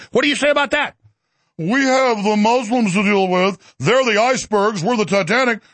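A man hosting his own show, delivering rapid-fire political commentary in a combative, sarcastic way. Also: high-pitched, vocal fry, sharp tone, no room sound. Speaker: show host.

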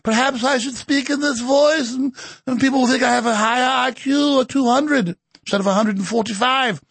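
A man putting on a mock posh English accent, playing a snooty upper-class gentleman with drawn-out vowels. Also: very high-pitched, gravelly, breathy edge, no echo, voice pushed up, heavily acted. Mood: smug.

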